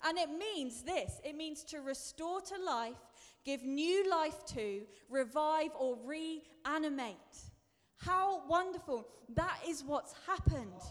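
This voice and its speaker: Woman, preacher, high voice, chatty and animated sermon, long hall reverb. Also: slow pace, few pauses. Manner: chatty, self-deprecating and animated, with bursts of emphasis.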